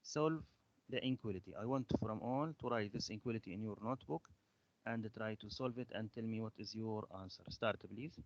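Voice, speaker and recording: A man teaching a math class, slowly guiding students through a revision lesson with hesitant fillers. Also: on the low side, muffled recording. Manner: slow, patient, instructing with fillers.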